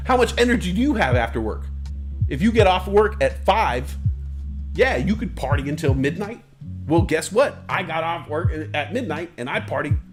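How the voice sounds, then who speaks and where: A man on a live stream telling a profane story in a loose, animated way, peppered with "like". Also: on the high side. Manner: animated, profane, lots of "like" fillers.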